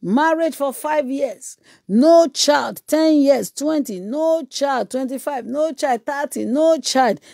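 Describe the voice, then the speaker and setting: High-voiced woman evangelist preaching. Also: takes it slowly, creaky, no echo, studio quality. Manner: emphatic and repetitive, shifting into loud praying in tongues. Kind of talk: sermon and fiery prayer.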